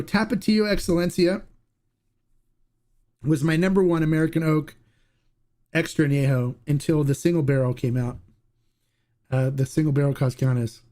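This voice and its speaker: Excitable man hosting a tequila livestream. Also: on the high side. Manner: excitable, laughs often, restarts sentences. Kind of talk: casual livestream chat.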